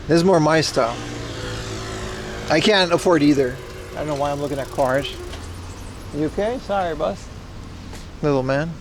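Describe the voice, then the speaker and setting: A man streaming on the move, chatting loosely with his viewers about shops and cars. His voice sits fairly high for a man. Loud street noise and passing cars surround him. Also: vocal fry. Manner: chatty, addresses chat directly. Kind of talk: casual IRL livestream commentary. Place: outdoors on city streets. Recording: noisy outdoor street recording.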